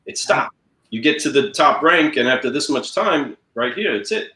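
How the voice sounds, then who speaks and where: A New York man, a car sales professional, tells stories in a casual interview about how he got into the business, animatedly acting out the people he quotes. His voice is mid-range at a normal speed, recorded in an echoey room.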